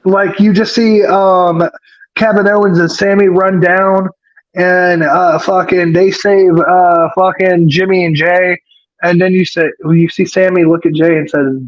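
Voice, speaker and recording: A man's voice: sits high, level tone, a little slow, muffled recording. A man co-hosting a wrestling podcast, recapping the show in casual chat and rambling with lots of fillers and swearing.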